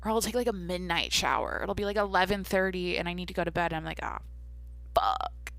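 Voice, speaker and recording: A woman's voice: fairly low pitch, quick pace, creaky, a bit bright, dry recording. A young adult woman hosting a casual solo podcast, rambling and swearing casually as she talks to herself. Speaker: podcast host.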